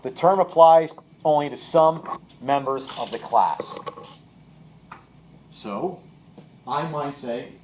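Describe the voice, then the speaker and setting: A man's voice: medium pitch, slow, long pauses, far from the mic, slight background noise. Man lecturing in an echoey classroom. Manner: explains with examples, keeps checking in with "okay?". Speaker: teacher.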